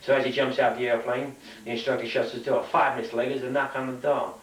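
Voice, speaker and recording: A man reels off jokes in a plain, matter-of-fact way, at an ordinary middle pitch. He is recorded from some distance in an echoey room, with faint ambient noise behind him. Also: little pitch movement, quick pace, fairly bright tone. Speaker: stand-up comedian. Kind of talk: telling jokes.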